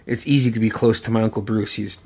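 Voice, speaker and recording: In a lowish, mellow, slightly rough voice with fairly even intonation, a man in his forties tells casual, wandering stories about his late uncle. He swears freely, often breaks into laughter mid-sentence, and speaks haltingly with many fillers and restarts.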